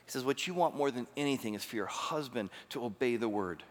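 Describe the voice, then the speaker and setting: A male pastor at a middle pitch delivers a lively, conversational sermon full of rhetorical questions. His voice carries the long reverb of a large hall. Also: a little fast, hardly any pauses.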